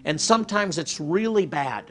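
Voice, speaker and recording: A man preaching a sermon, telling stories and dropping to a soft hush for emphasis. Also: a little high, lively intonation, moderate pace. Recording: faint music behind.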